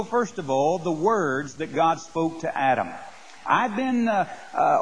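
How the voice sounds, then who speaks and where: A man's voice: sits high, breathy edge, rough recording. A man pastor preaching a sermon to his congregation, building emphasis through repeated phrases. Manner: preaching with rising emphasis and repetition.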